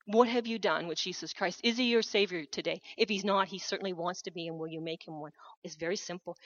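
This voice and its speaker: A woman's voice: fairly low pitch, dry recording, dull audio. A woman missionary preaching a sermon in a church, making an urgent, earnest appeal with repeated phrases. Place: church hall.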